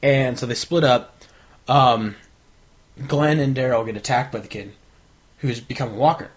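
On a podcast, a male co-host speaks at medium pitch and a normal speed, chatting about a TV episode he's recapping. He tells it energetically and performs the characters' dialogue, all captured in dull, lo-fi audio.

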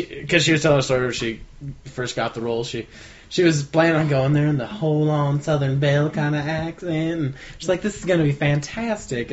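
A man's voice: medium pitch, slight background noise. A man co-hosting a casual chat about a TV episode, often restarting and repeating words as he talks. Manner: halting, repeats his words when starting a thought. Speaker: podcast co-host. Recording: dull lo-fi recording.

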